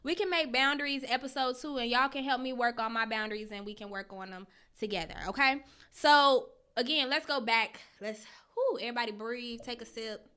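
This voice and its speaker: Her voice sits a little high, clear and resonant with a sharp edge, and she moves briskly with few pauses. Hosting a laid-back livestream, this young woman reads out chat comments and replies candidly in slang, cursing often and calling viewers by name as she addresses them directly.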